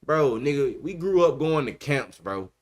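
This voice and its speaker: A man hosting a podcast makes his case about football in an animated, emphatic way, with casual slang. His voice sits in a middle pitch. He leans hard on his points. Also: measured pace. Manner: emphatic, animated, repeats "bro" often. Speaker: podcast host. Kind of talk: casual sports debate. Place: podcast studio.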